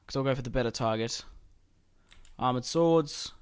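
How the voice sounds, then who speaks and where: A man's voice: mid-range voice, normal speed, clear, resonant tone. A young man hosting a let's-play, casually talking through a strategy game, swearing and laughing as he plays. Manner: casual and chatty, swears and laughs while playing. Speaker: gaming channel host.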